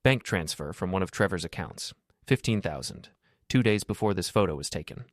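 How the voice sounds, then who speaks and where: A man voicing a calm, wealthy businessman who speaks in a measured, matter-of-fact way in a dramatic story reading. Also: sits low, dry recording, clean studio sound. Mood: grave.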